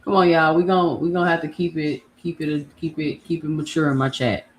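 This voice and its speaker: A woman's voice: low-pitched, flat delivery, brisk, slight background noise. A woman co-hosting a live boxing stream, blunt and casual, often reading the chat aloud. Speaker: boxing podcast co-host.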